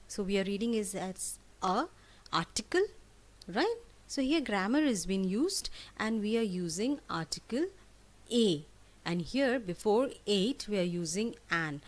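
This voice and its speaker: A woman teacher giving a lesson, asking questions and answering them herself, spelling words out and repeating key words. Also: medium pitch. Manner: asks questions and answers them herself, emphatic rising prompts. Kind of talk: classroom lesson for children.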